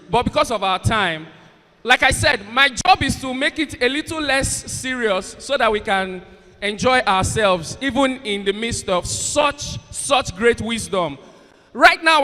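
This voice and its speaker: An extremely high, bright voice with a forceful tone belongs to a man doing stand-up banter and hosting as comedian and event MC. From the stage of a big university event hall, he teases the audience and hypes the crowd, his words echoing in long hall reverb over the PA.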